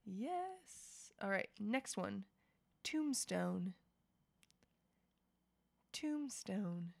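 A playful, giggly woman running a quiz on a casual chat show. Her pitch swoops all over as she speaks, unhurried and drawn out. There is a gravelly fry at the ends of phrases, and the sound is dry and close. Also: lively intonation, dry recording. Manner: playful, giggly, jokey quizmaster. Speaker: podcast co-host running a quiz game.

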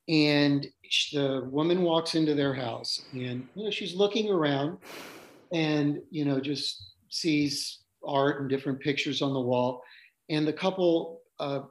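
A man telling spiritual stories at a slow, deliberate pace. His voice sits in an ordinary middle pitch. He is reflective and unhurried, often pausing to gather his thoughts. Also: creaky. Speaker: yoga teacher.

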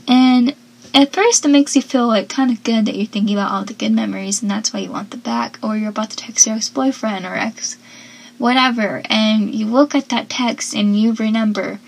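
A young woman talks through a TV episode in a loose, chatty way, leaning on lots of fillers as she goes. Her voice sits a little high and comes out breathy. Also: fairly even intonation, moderate pace, rough recording. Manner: chatty, filler-heavy, reads out quotes. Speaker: recap commentator. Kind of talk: casual chat recapping a TV episode.

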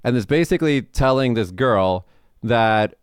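Blunt, smooth-voiced male podcast host. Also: medium pitch, lively intonation, unhurried, no echo, studio quality. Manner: blunt, swears freely, loose and rambling. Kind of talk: casual chat.

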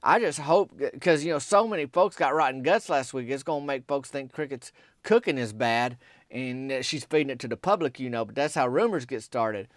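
A man's voice: medium pitch, brisk, fairly bright tone, no echo, studio quality. A young man telling a rambling, folksy story in a comedic character monologue.

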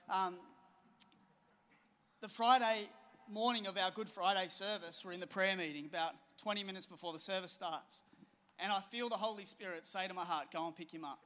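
A man's voice: high-pitched, moderate pace, pushed and bright. A middle-aged man, preaching a sermon with a conversational, storytelling manner. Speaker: pastor.

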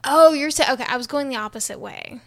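An American woman co-hosting a podcast, joking around and asking quick questions in casual chat. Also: high-pitched, creaky. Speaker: podcast co-host.

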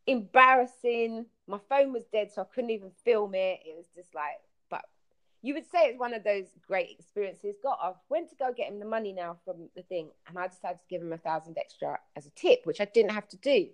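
A woman's voice: mid-range voice, fairly quick. A woman, telling travel stories in a casual podcast chat over a call, acting out what people said. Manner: animated storyteller, acts out quotes.

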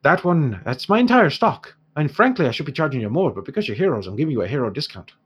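A man voicing a greedy, theatrical male dwarf shopkeeper in a put-on Irish accent, with wheedling sales patter that leaps in pitch. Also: very animated, fast, breathy edge, lo-fi sound. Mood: haggling.

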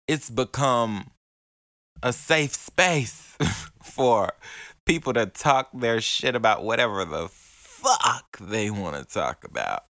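A man's voice: mid-range voice, lively intonation, slow, bright, forceful tone, no room sound, clean studio sound. A young man, ranting profanely and hurling mocking insults in a casual podcast monologue. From Alabama. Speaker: podcast host.

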